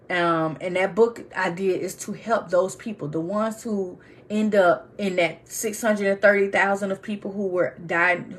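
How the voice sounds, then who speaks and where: A woman hosting a casual livestream, talking emphatically and addressing viewers by name. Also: medium pitch. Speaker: livestream host.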